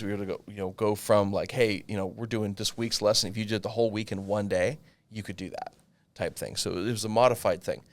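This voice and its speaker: A man in his thirties telling a long personal story in casual chat, animated and swearing freely. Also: fairly low pitch. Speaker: podcast co-host.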